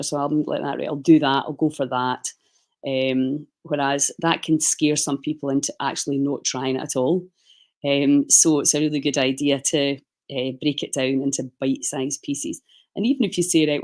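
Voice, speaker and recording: A middle-aged woman giving casual, rambling livestream advice as a fasting and wellness coach, often correcting herself mid-sentence. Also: low voice, darkish tone. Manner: chatty, rambling, self-correcting.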